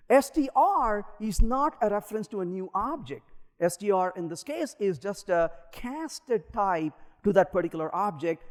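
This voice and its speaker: A man giving a live technical conference talk while coding, acting out little dialogues with the compiler in different voices. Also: sits high. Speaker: conference speaker. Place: large conference hall. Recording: long hall reverb.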